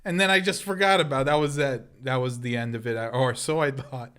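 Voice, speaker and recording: A man tells a story on a casual podcast. He is animated, slips into voices for the people he quotes, and breaks into laughter often. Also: medium pitch, brisk, clear, resonant tone. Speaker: podcast co-host.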